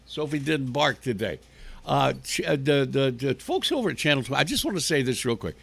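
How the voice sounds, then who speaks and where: A man's voice: medium pitch, sing-song, a little fast, creaky, fairly bright tone, breathy edge. A man hosting a talk show from his living room, rambling bluntly and crudely with many restarts. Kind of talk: casual rambling monologue on a livestream.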